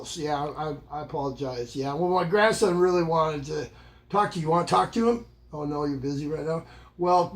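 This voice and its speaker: An older man telling a rambling, humorous story in a casual way, jumping up in pitch to act out the voices he quotes. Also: vocal fry. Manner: animated, acts out quoted voices with jumps in pitch. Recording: loud background noise.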